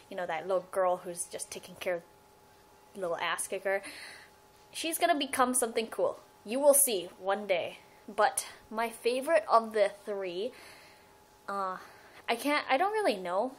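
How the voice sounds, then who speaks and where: A woman's voice: medium pitch, rough recording. A young woman chatting into her webcam, answering fan questions in a loose, rambling way. She giggles, trips over her words and restarts her sentences as she goes. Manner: rambling, giggly, self-interrupting. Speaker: fan vlogger. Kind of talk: casual fan vlog Q&A.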